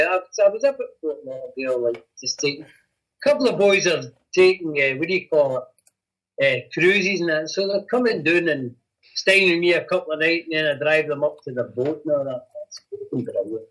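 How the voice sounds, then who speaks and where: Boisterous husky Scottish caller. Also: male voice, a little high, brisk, fairly bright tone, low-quality recording. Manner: boisterous, sweary, laughing. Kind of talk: casual phone-in chat.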